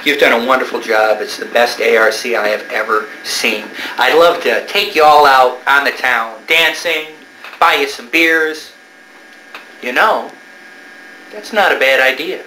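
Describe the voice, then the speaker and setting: A man's voice: medium pitch, a little slow, pushed and bright, echoey room, slight background noise, poor audio. A man, an author, making a hammy, over-the-top comic promo video.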